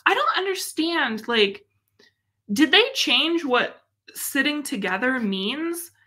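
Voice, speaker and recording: Bright-voiced chatty young woman. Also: high-pitched, takes it slowly. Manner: chatty and expressive, laughs often. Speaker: livestream host. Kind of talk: casual live-stream chat.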